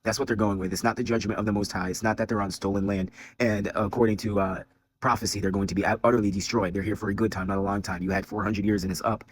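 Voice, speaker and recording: A man's voice: on the low side, little pitch movement, fast. A man delivering an angry, preachy commentary monologue, profane and repeating his phrases for emphasis. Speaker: video commentator. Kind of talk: heated religious commentary monologue.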